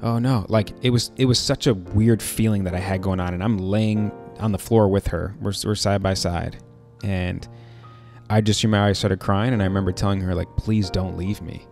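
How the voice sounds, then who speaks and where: A man's voice: fairly low pitch, fairly even intonation, normal speed, a little mellow, soft background music. A man hosting a podcast, telling personal stories openly and emotionally in casual talk full of fillers. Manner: open, emotional storytelling with many fillers. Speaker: podcast host. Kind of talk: casual heartfelt conversation.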